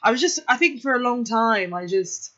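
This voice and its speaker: Female guest from London; warm, hesitant, thoughtful; bright, lo-fi. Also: a little high, expressive, normal speed. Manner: warm, hesitant, with many ums. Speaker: guest, DJ and actor. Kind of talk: casual interview.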